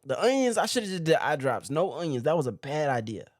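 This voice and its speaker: A young man talking casually to camera from home as a poker vlogger, chatty and animated, speaking straight to his viewers. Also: fairly high pitch, fast, dry recording, clean studio sound. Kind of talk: casual vlog talk to camera.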